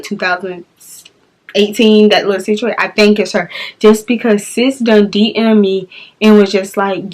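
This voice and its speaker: A young woman, telling a storytime vlog in a blunt, exasperated way and acting out the dialogue. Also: mid-range voice. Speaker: vlogger.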